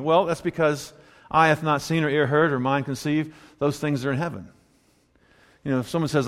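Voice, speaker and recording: A man preaching a sermon in a conversational way, swinging between quiet, low asides and emphatic, rising points. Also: fairly even intonation, brisk. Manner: conversational preaching, drops to a low murmur then rises emphatically. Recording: long hall reverb.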